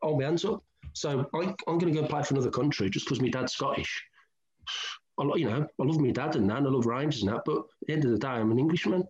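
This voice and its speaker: A man's voice: mid-range voice, fast talker. Brummie guy in his middle years spinning footy yarns, acts out who said what, kinda dull lo-fi sound. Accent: Birmingham. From England. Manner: animated, acts out old conversations, colloquial. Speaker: former footballer, interview guest. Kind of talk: candid storytelling interview.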